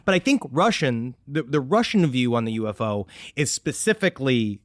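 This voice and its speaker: A man co-hosting a podcast in casual chat, excitable and teasing his friends. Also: mid-range voice, normal speed, dry recording, clean studio sound. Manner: excitable, teasing, loud laughs. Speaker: podcast co-host.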